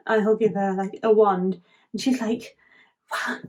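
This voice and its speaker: A woman's voice: medium pitch, little pitch movement, moderate pace, mellow. A woman vlogger chatting casually as she retells a film plot, giggling and leaning on the filler "like".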